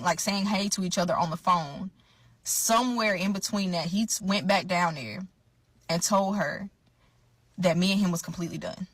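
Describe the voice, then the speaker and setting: A woman telling a personal story in an animated way, repeating herself for emphasis and calling her viewers y'all. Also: medium pitch, no echo. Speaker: storyteller in a clip.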